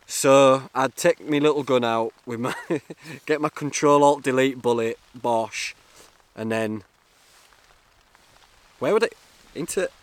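A young man chats through a solo podcast from inside his tent, full of jokes at his own expense. His voice sits at an ordinary middle pitch. He talks into a small mic mounted on his camera. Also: slow, long pauses, no room sound. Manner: jokey, chatty, self-mocking. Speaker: podcast host. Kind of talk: rambling solo podcast chat.

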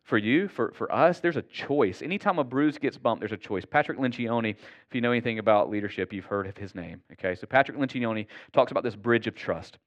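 A man's voice: medium pitch, brisk, highs cut off. A man who is a pastor, preaching a sermon in an earnest, conversational way and often checking in with the congregation.

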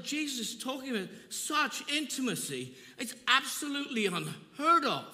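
A man's voice: high-pitched, bright, forceful tone. An older man preaching a sermon with passion, repeating his phrases for emphasis. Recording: long reverb of a large hall.

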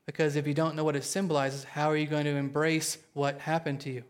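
A man preaching a sermon to his congregation, excitable and quick, often checking in with them. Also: fairly high pitch. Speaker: pastor.

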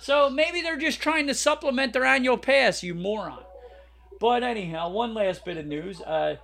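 A man co-hosting a podcast in casual chat, blunt and joking, getting loud when riled. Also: very high voice, moderate pace, creaky. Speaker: podcast co-host.

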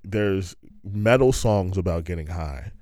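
A man's voice: sits low, unhurried, a little mellow, no echo. A man telling stories in a loose, rambling monologue, laughing often and restarting his sentences.

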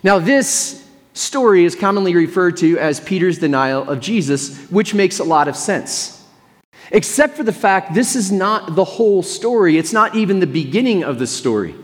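A man's voice: high voice, animated, moderate pace, in a large hall. A male pastor preaching a sermon, reading scripture aloud and then reflecting on it in a conversational way.

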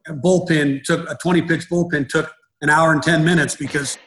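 A man's voice: a little high, steady tone, moderate pace, fairly bright tone, slight background noise, low-quality recording. A middle-aged man, a baseball coach, talking in an interview, rambling and restarting his sentences often. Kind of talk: conversational interview.

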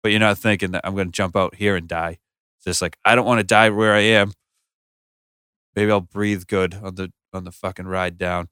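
A man's voice: low voice, moderate pace, clean tone, no room sound, studio quality. A man co-hosting a casual podcast, talking bluntly and swearing often. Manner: blunt, profane, animated. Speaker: podcast co-host. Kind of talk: casual crude chat. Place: small room with two others.

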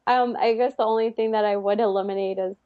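A woman's voice: mid-range voice, fairly even intonation, fast, no echo. Laughing young woman, dull dry sound. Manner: laughs often, quotes people in little asides. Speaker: henna artist. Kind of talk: casual chat.

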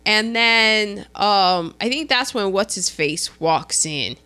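A woman co-hosting a casual chat, recapping a film in an animated way and acting out characters' lines. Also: slow. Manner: chatty, animated, quotes characters in a lowered voice. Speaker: podcast co-host.

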